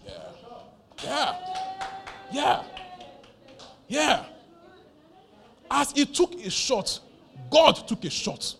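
A man preaching a sermon, animated and emphatic, repeating key phrases over and over. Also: very high voice, very slow, creaky, long pauses, faint music behind. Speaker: pastor.

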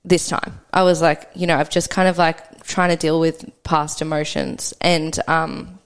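Woman, podcast guest, low-pitched, smooth clear voice, reflective and halting, candid storytelling. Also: level tone. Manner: reflective, halting, heavy use of "like".

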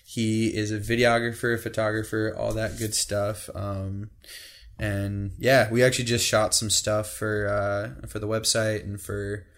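A young man hosting a podcast, with a voice lower than most men's. He talks casually and hesitantly, restarting his sentences and filling gaps with "um" and "like". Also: little pitch movement, unhurried, fairly bright tone. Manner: hesitant, many fillers and restarts. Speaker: podcast host. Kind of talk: casual chat.

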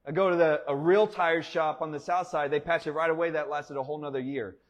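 Speaking at a quick pace in a voice on the high side, a man delivers a sermon conversationally as a pastor. His personal story is animated, full of laughter and frequent "like" fillers.

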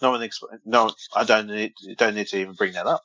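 A man's voice: fairly low pitch, fairly even intonation, a little fast, sharp tone, muffled recording, a little hiss or hum. A man co-hosting a wrestling podcast in casual chat, joking and teasing, often stumbling over names. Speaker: podcast co-host.

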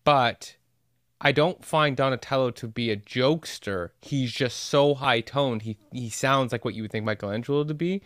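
Thoughtful podcast co-host, dry sound. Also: male voice, medium pitch, normal speed, a bit bright, no room sound. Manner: thoughtful, searching for words, chuckles. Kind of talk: casual chat.

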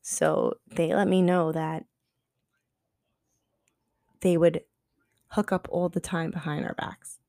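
A woman with a low, gravelly voice tells a story on her podcast, casual and profane. She sprinkles "like" everywhere and acts out what people said. The sound is close and dry. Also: flat delivery, slow pace, long pauses, mellow, dry recording. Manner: chatty, profane, heavy use of "like"; acts out quoted dialogue. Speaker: podcast co-host.

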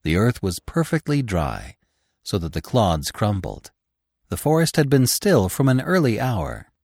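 A man narrating a classic novel in a measured, expressive storytelling voice. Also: lowish voice, no echo, studio quality.

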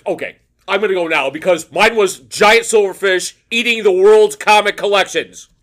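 A man's voice: high voice, normal speed, fairly bright tone. A man co-hosting a casual podcast chat, enthusiastic and swearing, explaining things plainly. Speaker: podcast co-host.

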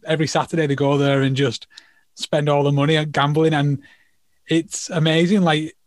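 Dry, higher-voiced male host. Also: little pitch movement, moderate pace, no echo. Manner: rambling, filler-heavy with "like". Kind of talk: casual interview.

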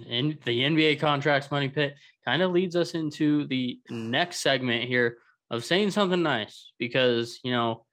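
A man's voice: mid-range voice, a bit bright. Sarcastic man, dry podcast banter. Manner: dry sarcastic, many ums. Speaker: co-host. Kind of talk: casual sports podcast chat.

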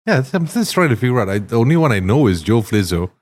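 A man's voice: mid-range voice, big pitch swings, quick pace, darkish tone. A man hosting a podcast, chatting loosely and jokingly with slang. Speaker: podcast host. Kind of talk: casual interview chat.

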